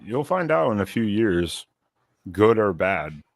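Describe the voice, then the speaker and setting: A man with a very deep voice chatting about college football in a wry, mocking tone. He sounds dry and close to the mic, acting out fans' reactions as he talks. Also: big pitch swings, a little slow, vocal fry, no room sound. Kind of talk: casual sports talk.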